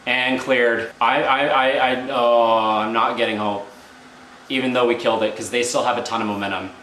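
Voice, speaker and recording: A man reviewing and reacting live to a hockey game, excitable and exasperated, rambling with restarts. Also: medium pitch, moderate pace. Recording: echoey room, faint background noise.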